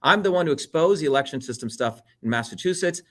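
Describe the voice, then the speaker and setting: A man's voice: on the high side, animated, quick pace, fairly bright tone. A middle-aged man from India, talking bluntly and animatedly as an interview guest, swearing freely and mimicking other people. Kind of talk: heated political talk.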